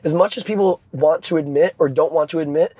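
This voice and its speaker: A man's voice: on the high side, a little fast, warm tone, husky, no echo. A young man, an actor guest, telling stories in a brash, profane, casual way. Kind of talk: casual chat.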